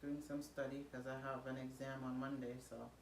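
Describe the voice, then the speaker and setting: Jamaican mom rambling on a vlog, deep-ish voice, kitchen noise behind. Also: female voice, brisk. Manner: relaxed, rambling talk with soft laughs. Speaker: vlogger and mother. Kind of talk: casual vlog chat. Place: home kitchen, indoors. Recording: echoey room with background noise.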